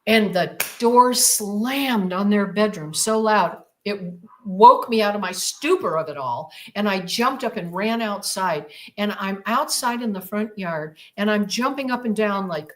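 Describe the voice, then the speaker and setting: A woman's voice: medium pitch, lively intonation, measured pace, hardly any pauses. A woman guest on a podcast, retelling a personal experience in a vivid, emphatic way with repeated phrases. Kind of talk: dramatic personal storytelling.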